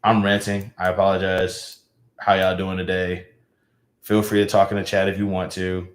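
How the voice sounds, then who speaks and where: A young man chatting casually on a livestream, rambling and halting, often trailing off with sighs. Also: sits low, monotone. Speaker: live streamer.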